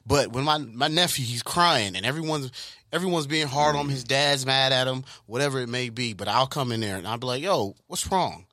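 A man's voice: mid-range voice, brisk, pushed and bright, no echo, clean studio sound. A young American man co-hosting a podcast, probing the others with questions. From United States. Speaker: podcast co-host. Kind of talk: casual chat.

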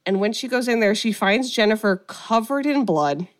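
A woman co-hosting a podcast, casually recapping a film and acting out the quotes with lively energy. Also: a little high, moderate pace. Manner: animated storyteller, acts out quotes. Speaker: podcast co-host.

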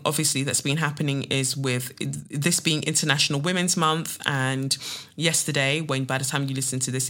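A woman's voice: low voice, pushed and bright. A woman hosting a casual solo podcast, talking bluntly and sarcastically and swearing freely. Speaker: podcast host.

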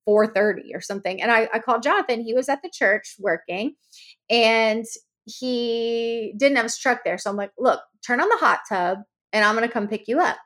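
A woman co-hosting a casual podcast chat, telling a story and acting out the lines with big jumps in her voice. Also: normal speed. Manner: animated, acts out quoted lines with big pitch jumps. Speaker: podcast co-host.

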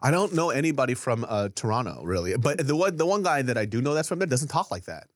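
A man's voice: mid-range voice, big pitch swings, fast, no echo, clean studio sound. A man co-hosting a casual podcast chat, blunt and incredulous, swearing often. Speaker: podcast co-host.

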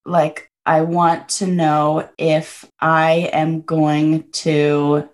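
A woman's voice: low voice, monotone, drawn-out words. Young woman, bubbly, effusive, casual chat, lots of likes. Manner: bubbly and effusive, many fillers. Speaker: podcast guest.

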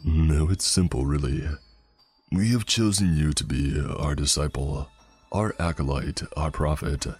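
A man's voice: rumbling low, measured pace, a little mellow, slightly rough, no echo, heavily acted. A man voicing a disembodied male demon god of corruption, mocking and commanding, with faint music behind. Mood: sinister.

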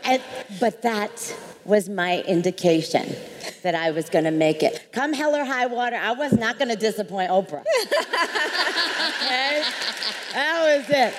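An animated woman spins a story for a live audience, her pitch leaping all over the place as she laughs through it. Her voice rings out in a big hall with a long echo and a faint hiss underneath. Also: unhurried. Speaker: panelist, makeup artist and founder. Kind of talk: lively anecdote on a live panel. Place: large event hall with audience. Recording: echoey hall, light background noise.

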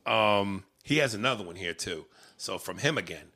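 Gravelly bright-sounding guy on a comedy podcast, reading emails, cussing and joking. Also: lowish voice, animated, normal speed. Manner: profane, joking, reads emails aloud with laughs. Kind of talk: casual comedic podcast chat.

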